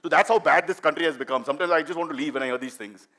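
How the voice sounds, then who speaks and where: A middle-aged man with an Indian English accent, doing animated stand-up storytelling and teasing the audience. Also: fairly high pitch, racing. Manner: animated, chatty, teases the audience. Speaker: stand-up comedian.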